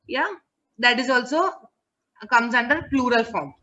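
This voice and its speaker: A woman's voice: a little high, measured pace, sharp tone. A woman teaching an online class, patiently repeating words and checking that students follow. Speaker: English teacher. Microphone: video call. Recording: muffled online call audio.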